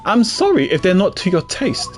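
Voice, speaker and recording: A man voicing a sweet, polite young female confectioner in a game, using a soft falsetto while reading the dialogue aloud. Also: wildly swooping pitch, moderate pace, faint music behind.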